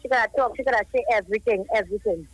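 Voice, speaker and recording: A woman's voice: mid-range voice, very fast, no echo, rough recording. A woman in her thirties with a Trinidadian accent, calling in to a live radio show and talking at length through her grief about a lost young relative. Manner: grieving, rambling, emotional storytelling. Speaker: caller, cousin of a child who died. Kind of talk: live radio phone call. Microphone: telephone.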